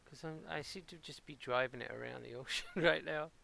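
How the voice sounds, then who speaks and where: A man's voice: on the high side, brisk, vocal fry, sharp tone. A man from Portsmouth with a local English accent, rambling playfully and mocking himself as he streams a game at home. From Portsmouth, England. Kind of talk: casual live-stream commentary.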